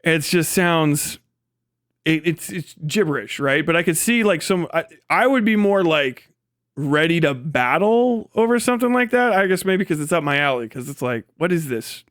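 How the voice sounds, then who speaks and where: A man's voice: fairly high pitch, lively intonation, moderate pace, a bit bright, dry recording, clean studio sound. A man talking casually on a livestream, rambling and swearing, often laughing and trailing off. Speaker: live streamer.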